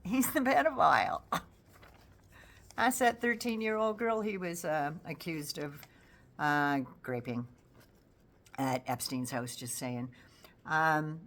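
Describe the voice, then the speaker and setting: A woman's voice: deep voice, takes it slowly, long pauses, fairly bright tone. An older woman giving blunt, sarcastic political commentary in a casual vlog, swearing freely.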